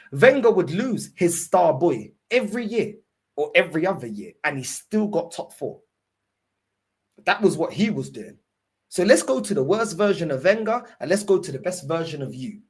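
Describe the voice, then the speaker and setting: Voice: medium pitch, sing-song, moderate pace, breathy edge. A football fan host ranting angrily to camera, swearing and repeating points. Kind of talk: angry fan rant to camera.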